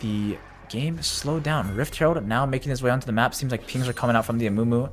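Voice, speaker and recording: A man doing live play-by-play commentary of an esports match, getting loud and excited during big plays. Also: mid-range voice, fast, soft background music.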